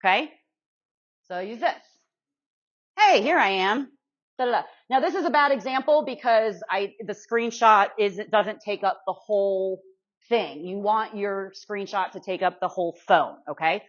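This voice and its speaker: Speaking at normal speed in a mid-range voice, the woman runs a live workshop demonstration in a meeting room, showing real estate professionals how to use social media. She's chatty and self-deprecating, repeatedly checking in with listeners, and the recording is muffled and lo-fi.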